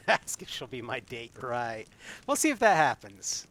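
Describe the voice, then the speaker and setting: A man's voice: mid-range voice, sing-song, measured pace, fairly bright tone. A man streaming a solo tabletop adventure, reading its text aloud and adding wry asides. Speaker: solo game player and streamer.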